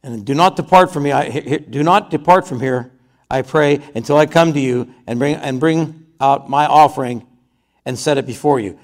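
A man's voice: on the high side, moderate pace. A man preaching a conversational sermon, reading scripture aloud and then retelling it in his own words.

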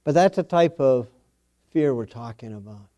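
A middle-aged man delivers a sermon in a folksy, homespun way, repeating phrases for emphasis. His voice is mellow and warm, sitting at an ordinary pitch for a man. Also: expressive, moderate pace, highs cut off. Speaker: preacher.

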